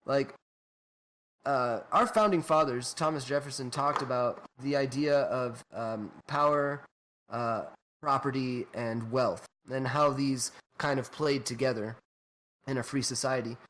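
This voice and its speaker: Animated, profane podcast co-host man. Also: mid-range voice, unhurried, a little hiss or hum. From New Mexico. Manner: animated, profane, laughs often. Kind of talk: casual chat.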